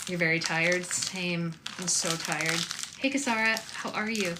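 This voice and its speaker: A woman with a slightly low voice chats upbeat and casually with her stream viewers while she makes slime. Steady noise and crinkling sit under her voice. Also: measured pace. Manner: chatty, upbeat, talks to viewers while working. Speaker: slime maker hosting a live stream. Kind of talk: casual live-stream chat.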